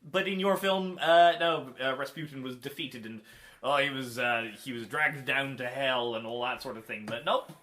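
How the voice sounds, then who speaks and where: A man's voice: medium pitch, normal speed, sharp tone. A man co-hosting a casual movie debate podcast, wry and argumentative. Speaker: podcast co-host.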